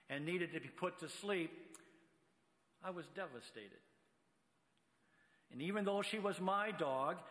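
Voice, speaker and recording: A man, a guest preacher, telling a story in an unhurried sermon delivery. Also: fairly high pitch, a bit bright. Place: church sanctuary with long reverb. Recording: reverberant church hall.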